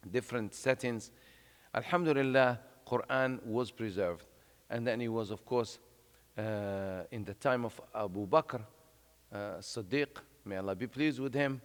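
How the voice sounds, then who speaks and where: A man delivers a religious lecture in a relaxed, explanatory tone, often pausing on fillers. His middle-pitched voice rings with the long reverb of a large hall. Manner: conversational, explanatory, with frequent "uh" and "you know".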